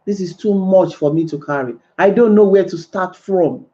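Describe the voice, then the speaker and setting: A woman's voice: on the low side, moderate pace, warm tone, muffled recording. A woman giving an earnest, pleading monologue, repeating her points and rising to exclamations. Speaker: speaker giving advice. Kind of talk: impassioned monologue.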